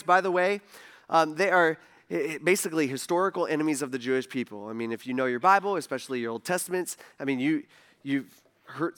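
A man's voice: a little high, a bit bright, clear, resonant tone. A man preaching a casual sermon in a conversational way, full of asides and rhetorical questions. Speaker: pastor.

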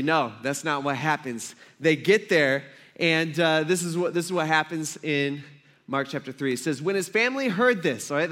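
A man preaching a conversational sermon, casual and animated, acting out Bible scenes with asides to the congregation. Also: high-pitched. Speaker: pastor.

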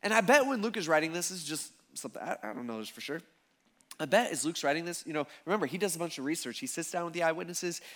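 A male pastor preaching a conversational sermon to a church congregation, telling the story in a casual, animated way with lots of fillers. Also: a little high, fast talker. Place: church service before a congregation.

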